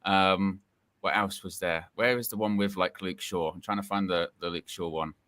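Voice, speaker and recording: A man's voice: low voice, steady tone, normal speed, fairly bright tone, no room sound. A man co-hosting a casual fan podcast, rambling and wry, often repeating himself.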